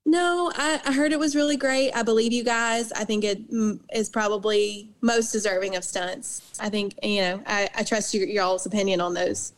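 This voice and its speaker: A woman speaks as a guest in a relaxed podcast conversation. She talks hesitantly, with a self-deprecating touch and plenty of pauses and fillers. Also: mid-range voice. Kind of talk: casual chat.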